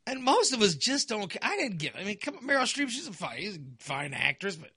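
A man's voice: high voice, very animated, fairly quick, pushed and bright, husky, dry recording, clean studio sound. A man ranting casually, exasperated and sarcastic, sounding fired up. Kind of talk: casual opinion rant.

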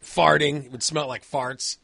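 A man's voice: fairly high pitch, level tone, measured pace, creaky, a crowd in the background. A man chatting casually, telling a long rambling story full of fillers and restarts. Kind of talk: casual chat.

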